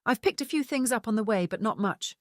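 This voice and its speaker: A woman's voice: fairly high pitch, expressive, a little fast, no echo, clean studio sound, pitched above the performer's own voice, natural voice. A woman voicing a wary middle-aged male ex-detective who speaks tersely in an audiobook. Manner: terse, plain questions.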